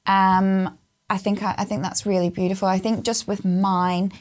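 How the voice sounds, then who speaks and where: Earnest, halting woman co-host. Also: medium pitch, little pitch movement, darkish tone. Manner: earnest, halting with many restarts. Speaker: podcast co-host. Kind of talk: casual panel chat.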